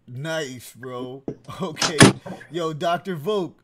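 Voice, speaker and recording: A man's voice: on the high side, very slow, a crowd in the background. A man hosting a casual online podcast, laughing often and swearing freely. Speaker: podcast host. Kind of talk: casual group chat. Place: online group call.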